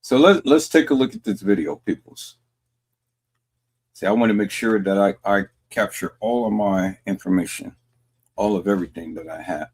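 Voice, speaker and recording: A man's voice: on the low side, normal speed, darkish tone, breathy edge. A man casually thinking aloud as he talks his viewers through what he is doing. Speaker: YouTube commentator. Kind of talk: casual commentary.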